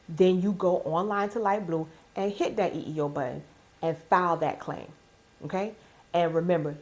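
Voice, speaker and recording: A woman's voice: on the low side, low-quality recording. A woman giving blunt, profane workplace advice to fellow postal workers, repeating her key points with emphasis.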